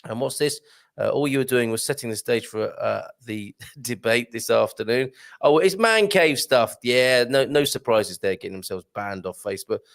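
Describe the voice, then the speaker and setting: A man's voice: medium pitch, moderate pace, gravelly, fairly bright tone. A man hosting a casual live-stream chat show, joking and reading out viewer comments. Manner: chatty, jokey, reads out viewer comments. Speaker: host.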